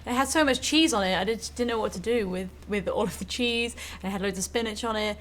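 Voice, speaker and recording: A woman's voice: mid-range voice, quick pace. A young British woman in a band, chatting about food abroad with many likes and ums. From United Kingdom. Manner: chatty, hesitant, lots of fillers. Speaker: band member. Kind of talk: casual anecdote.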